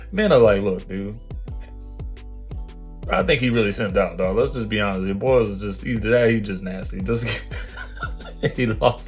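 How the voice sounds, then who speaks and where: A man hosting a podcast, reacting to clips in casual, slangy commentary with laughing asides. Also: mid-range voice. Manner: slangy, laughing asides, calls listeners bro.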